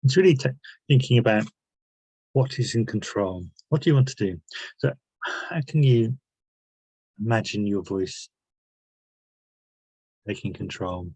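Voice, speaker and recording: A man leads a guided self-help session, posing one reflective question after another and often pausing to restart his sentences. His voice is husky and lowish, and he speaks very unhurriedly. The sound is close and dry. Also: animated, darkish tone, no room sound, low-quality recording. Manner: reflective, asks many questions, pauses and restarts. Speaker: workshop leader.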